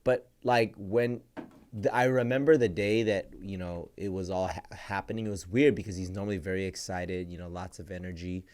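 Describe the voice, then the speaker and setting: Young adult male podcast co-host, lowish voice, loose and rambling delivery. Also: steady tone, moderate pace, a little mellow, clean tone. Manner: rambling, heavy use of "like" and "bro". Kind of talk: casual storytelling chat.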